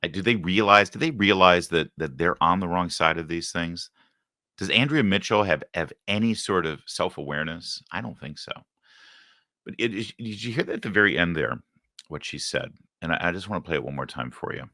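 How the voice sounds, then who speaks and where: A man's voice: low-pitched, animated, a little fast, sharp tone, no echo, clean studio sound. A man hosting a political talk show, giving emotional, indignant commentary. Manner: emotional, indignant, rising to heated outbursts. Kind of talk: opinionated commentary.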